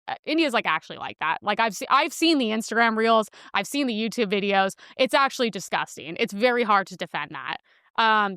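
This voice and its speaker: A woman's voice: fairly high pitch, pushed and bright, smooth, dry recording, studio quality. A young woman hosting a podcast in a casual, blunt monologue, full of filler words and crude asides. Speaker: podcast host.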